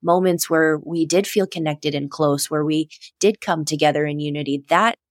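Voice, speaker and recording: A woman in a reflective conversation, speaking in a soft, heartfelt, thoughtful way. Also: deep voice, normal speed, no room sound, studio quality.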